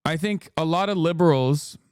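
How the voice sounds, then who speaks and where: A man's voice: on the high side, normal speed, a little mellow, clean tone, no room sound, studio quality. A man in his thirties hosting a live-stream reaction, ranting sarcastically and reading chat messages aloud. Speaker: streamer host.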